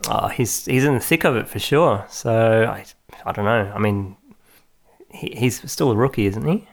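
A man co-hosting a casual film commentary chat, easygoing and halting as he thinks aloud. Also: on the low side, creaky. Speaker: podcast co-host.

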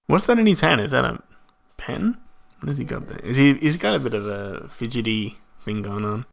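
A man's voice: medium pitch, animated, normal speed, creaky, long pauses. A man co-hosting a casual film commentary chat, laughing often and acting out quoted lines. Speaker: podcast co-host.

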